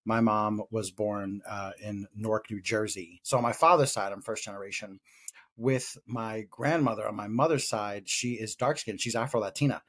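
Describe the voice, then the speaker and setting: A man's voice: on the low side, moderate pace, a bit bright. A man co-hosting a podcast in casual chat, reflective and given to playful teasing. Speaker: podcast co-host.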